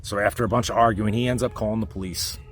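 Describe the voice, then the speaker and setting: A man telling a personal story in a heated, rambling, profane rant, with sudden loud outbursts. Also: fairly low pitch, fairly even intonation, fast talker, a little hiss or hum.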